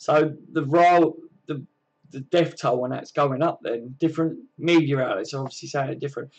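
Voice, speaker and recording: A man with a mid-range voice and moderate pace hosts a casual home livestream, reading viewers' comments and chatting in a friendly manner while calling everyone mate.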